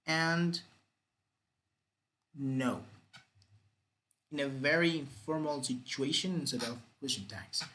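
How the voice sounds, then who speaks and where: A man's voice: medium pitch, slow pace, pauses often, pushed and bright, low-quality recording. A man teaching English grammar, repeating example sentences with exaggerated rising and falling intonation. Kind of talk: grammar lesson.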